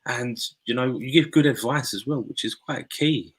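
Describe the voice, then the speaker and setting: A man's voice: medium pitch, normal speed, breathy edge. A man hosting a casual chat, encouraging and rambling with restarts. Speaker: host.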